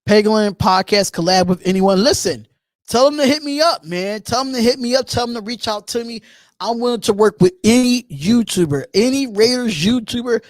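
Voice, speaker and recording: A Philadelphia man hosts a live call-in sports show, reading and answering viewer comments in a loose, animated way and repeating himself. His very high voice moves at normal speed, recorded dry, in casual live-stream chat.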